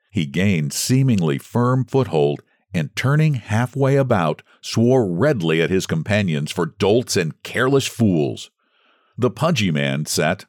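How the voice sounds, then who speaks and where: Lively low-voiced male storyteller. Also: no echo, clean studio sound. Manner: expressive, dramatic storytelling. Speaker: host and story reader. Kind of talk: scripted narration.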